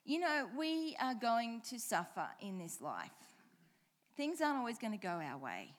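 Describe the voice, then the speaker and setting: A woman's voice: fairly high pitch, big pitch swings, moderate pace. A woman preaching a sermon, reading scripture aloud and repeating key lines with changing emphasis, asking the congregation direct questions.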